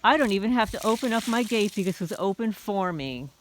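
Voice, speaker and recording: Woman, rambling homestead vlog, aggrieved but wry, mid pitch, roosters and hens clucking loudly behind. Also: lively intonation, brisk, a little hiss or hum. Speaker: homesteader vlogger. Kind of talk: casual walk-and-talk vlog. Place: outdoors on a small homestead near a chicken coop. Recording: outdoor recording with crowing roosters and clucking hens.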